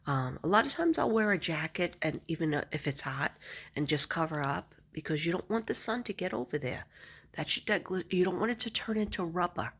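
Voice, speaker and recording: A woman's voice: on the low side, animated, a little fast, fairly bright tone, slightly rough. A middle-aged woman vlogger chatting casually to camera, rambling and laughing often.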